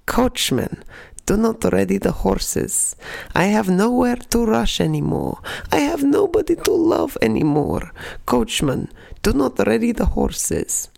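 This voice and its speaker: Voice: mid-range voice, very animated, a little slow, creaky, darkish tone, voice pushed up, exaggerated voice. A storyteller voicing an elderly, cheerful and confused Russian grandmother with a thick Russian accent, in a sing-song manner.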